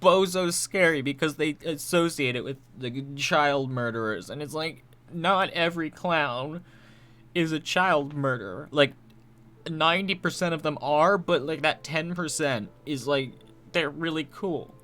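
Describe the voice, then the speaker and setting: A man streaming live, rambling through a mock-tearful fake apology in a deadpan, stammering way. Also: on the high side, a little slow. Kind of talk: mock-tearful livestream banter.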